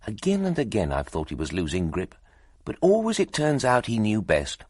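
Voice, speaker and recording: A man's voice: low-pitched, sing-song, normal speed, husky, no echo, clean studio sound, exaggerated voice. A man voicing a meek, fretful middle-aged editor who speaks mildly and apologetically. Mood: reverent. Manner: mild and apologetic.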